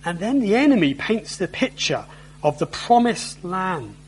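A man preaching a sermon in a chatty, conversational style, often turning to his listeners with tag questions. His voice sits fairly high for a man. A faint hiss runs underneath. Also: very animated, a little slow, rough recording.

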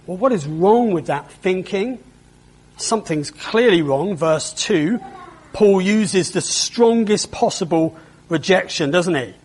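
Guy preaching, kinda high husky voice, takes it slow, keeps asking the church stuff like "isn't it?". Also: animated, darkish tone. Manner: explains patiently, asks the congregation rhetorical questions. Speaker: pastor. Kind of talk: sermon.

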